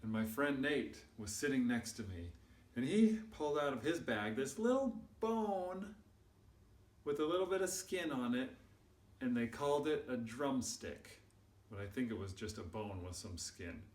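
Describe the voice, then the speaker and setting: A man spinning a goofy tale for kids, swinging between quiet asides and big, bellowing peaks. His voice sits in a middling pitch and comes across roomy, from a mic set some distance away. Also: animated, unhurried. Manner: exaggerated, builds up to loud shouts. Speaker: storyteller and channel host. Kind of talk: animated children's storytelling.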